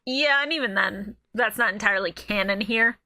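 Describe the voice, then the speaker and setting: A woman's voice: medium pitch, moderate pace, bright, forceful tone. A young woman co-hosting a podcast in casual, profane chat, joking and laughing often. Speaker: podcast co-host.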